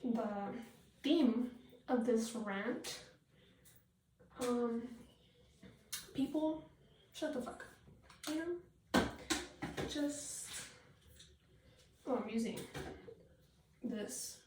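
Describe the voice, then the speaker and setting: A woman's voice: a little high, very slow, pauses often. A woman ranting bluntly and with a lot of swearing while doing her makeup for a get-ready-with-me video, often trailing off into fillers. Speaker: vlogger. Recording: echoey room, distant mic, faint noise.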